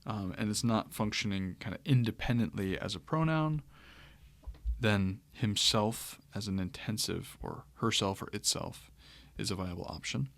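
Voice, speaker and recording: A man teaching a lesson on grammar, talking it through in a relaxed way, with pauses and restarts. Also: lowish voice, creaky, no room sound. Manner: relaxed, thinking aloud with fillers and restarts. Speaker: Greek teacher. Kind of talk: lecture.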